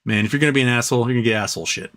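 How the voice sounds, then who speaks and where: A man's voice: mid-range voice, rapid-fire, a bit bright. A man hosting a live show, telling stories casually in a rambling, profane way and repeating phrases for effect. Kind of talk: casual storytelling.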